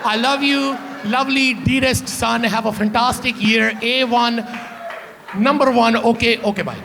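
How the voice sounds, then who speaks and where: A man's voice: very high voice, fairly even intonation, vocal fry, long reverb tail, background noise, exaggerated voice. A man playing a chatty Punjabi immigrant mother with a Punjabi accent, in stand-up, speaking broken English and piling up "okay" before hanging up. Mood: doting. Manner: repeats "okay" in quick bursts, broken English. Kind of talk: stand-up impression.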